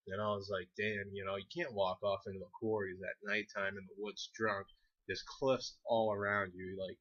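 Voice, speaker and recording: A man's voice: fairly low pitch, a bit bright, breathy edge. A young man casually telling a rambling, profane story from his teens, often laughing through it. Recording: dull lo-fi recording.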